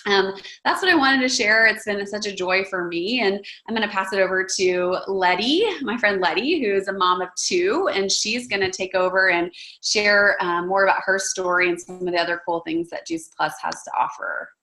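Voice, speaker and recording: A woman's voice: mid-range voice, normal speed, bright, forceful tone. A woman in her thirties with a Texas accent, giving an earnest personal testimonial with frequent ums. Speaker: network marketing presenter. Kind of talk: casual testimonial talk.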